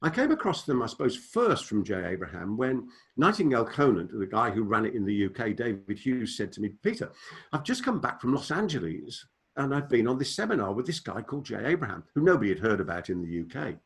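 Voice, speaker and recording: A man's voice: mid-range voice, fairly quick, vocal fry. An older man giving a business lecture to an audience, telling stories and acting out the dialogue in them. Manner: storytelling, animated, acts out quoted dialogue. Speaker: business speaker.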